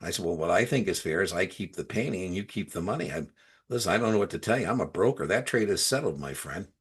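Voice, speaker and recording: A man's voice: sits low, lively intonation, quick pace, breathy edge. A man tutoring students for a securities exam, mixing explanations with casual anecdotes and dropping his voice for asides. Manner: storytelling, conversational, drops to quiet asides.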